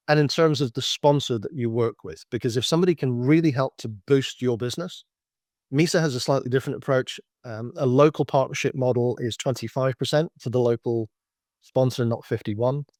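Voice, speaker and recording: A man's voice: medium pitch, fairly quick, a little mellow, dry recording. Middle-aged man, consultant presenting slides, explanatory, anecdotal, restarts often, close dry sound. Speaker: business consultant guest. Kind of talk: slide-based business presentation.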